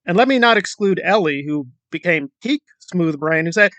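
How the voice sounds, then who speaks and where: A man's voice: sits high, animated, normal speed, few pauses, fairly bright tone, dry recording. A man hosting his own online commentary channel, talking in a sarcastic, mocking, emphatic way.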